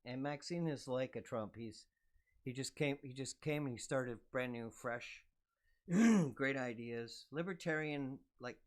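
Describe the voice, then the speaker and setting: An older man, a musician, chatting casually in a humble, soft-spoken and agreeable way. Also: mid-range voice, a little slow. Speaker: musician guest. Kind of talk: casual conversation.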